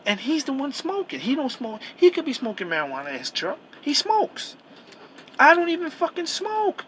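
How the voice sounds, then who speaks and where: Man ranting hard in a sharp, high voice. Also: a little hiss or hum, low-quality recording. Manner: heated, profane and repetitive, with frequent restarts. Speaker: truck driver. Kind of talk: angry personal rant to camera.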